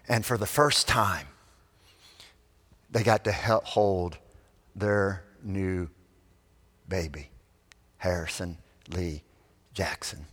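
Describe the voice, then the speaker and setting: A man preaching a sermon, telling a story that swells loud and then drops to a hush. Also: fairly low pitch, slow, long pauses. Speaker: pastor. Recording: long reverb of a large hall.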